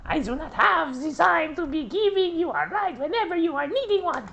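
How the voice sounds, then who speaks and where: Pompous greedy trader read aloud by a man in a mock-grand European accent, pitched high. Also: lively intonation, a little fast, gravelly, pushed and bright, full character voice. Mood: indignant. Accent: put-on French or German.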